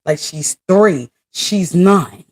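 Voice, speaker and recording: A woman's voice: on the low side, expressive, extremely slow, breathy edge. A woman in her thirties ranting to her viewers in a casual vlog, blunt and heavy on profanity. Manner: blunt, profane, venting angrily. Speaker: vlogger.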